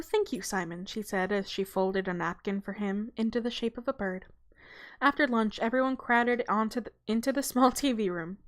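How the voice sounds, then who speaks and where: A woman hosting her channel, reading a children's novel aloud in a relaxed, casual way with small stumbles and self-corrections. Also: medium pitch. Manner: breaks off for a light aside and a laugh.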